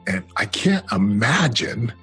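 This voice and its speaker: Husky low-voiced man, earnest storyteller. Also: big pitch swings, a bit bright, faint music behind. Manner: earnest, emphatic, slows down on key phrases. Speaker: interview guest, former football player and speaker. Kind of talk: candid storytelling interview.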